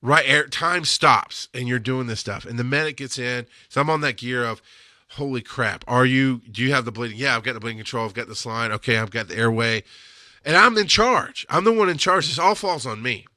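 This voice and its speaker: A man's voice: mid-range voice, a little fast, bright, forceful tone, no echo, clean studio sound. A man telling casual stories from his time as an emergency medic, blunt and emotional, swearing when he gets angry. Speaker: EMS instructor telling field stories. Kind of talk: casual storytelling.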